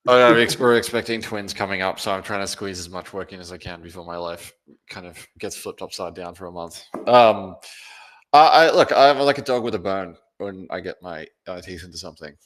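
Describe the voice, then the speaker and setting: A man's voice: low voice, animated, a little fast, fairly bright tone. A man and open-source framework contributor talking earnestly on a group call, rambling with many fillers.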